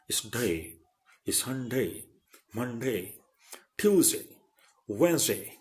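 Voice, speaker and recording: A man's voice: mid-range voice, very animated, slow pace, darkish tone, a little hiss or hum. A middle-aged man giving an online phonetics lecture as a college principal, carefully repeating word pairs to demonstrate sounds.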